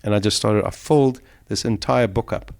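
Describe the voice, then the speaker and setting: A man's voice: lowish voice, fairly quick, creaky, a little mellow. A middle-aged man, a guest in an interview, vividly and emotionally retelling a survival ordeal. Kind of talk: storytelling in an interview.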